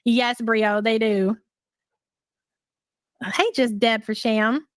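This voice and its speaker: Gossipy, chatty woman co-host; a bit high-pitched, dry close sound. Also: flat delivery, drawn-out words, clear, resonant tone, dry recording. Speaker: live stream co-host. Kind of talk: casual chat.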